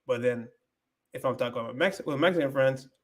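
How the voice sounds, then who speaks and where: A young man from the United States whose first language is English hosts an informal livestream, shifting between English and Spanish and repeatedly restarting or using fillers. He speaks briskly at a medium pitch.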